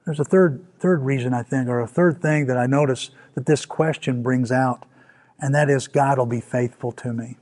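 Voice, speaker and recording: Husky-voiced man preaching a sermon. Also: mid-range voice, moderate pace. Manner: preaching with soft drops and rising emphasis, some restarts. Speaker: pastor.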